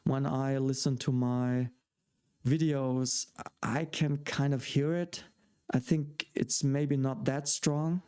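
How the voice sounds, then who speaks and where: A man's voice: mid-range voice, fairly even intonation, slow, darkish tone, clean tone. A man with a German accent hosting a live question-and-answer stream, rambling and hesitant with many fillers and restarts. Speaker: host.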